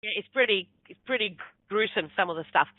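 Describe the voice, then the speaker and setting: A woman's voice: medium pitch, fast talker. A woman, a medium, recounts a story in an interview, animatedly voicing the people in it. Her voice sits in the middle of a woman's range. The sound is narrow and phone-like, with no room echo. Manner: animated storyteller acting out quoted dialogue. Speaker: guest, spiritual medium.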